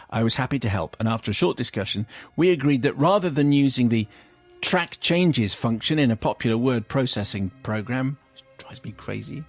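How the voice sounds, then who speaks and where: Middle aged radio guy reading a letter on air, dry theatrical delivery, mid pitch, bit of music behind. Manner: wry and theatrical, breaking into laughter.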